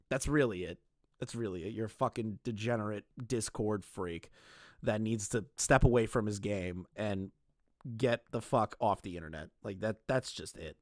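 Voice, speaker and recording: A man's voice: lowish voice, a bit bright, dry recording, studio quality. A young man streaming live, ranting bluntly with lots of swearing and repeated phrases.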